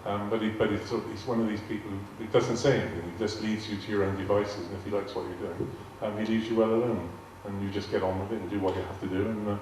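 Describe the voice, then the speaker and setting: A man's voice: lowish voice, fairly even intonation, quick pace, few pauses, darkish tone. A man in his later years with a West Country accent, telling amused anecdotes as a guest speaker to a live audience. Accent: West Country English. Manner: chatty, amused storyteller. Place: large arts hall. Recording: echoey hall, distant mic, faint hiss.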